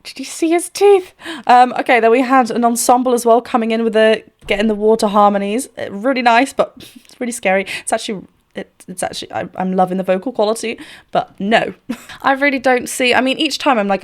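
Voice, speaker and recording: A woman's voice: a little high, fairly quick. A woman vocal coach giving casual reaction commentary, chatty and often scatting melodies.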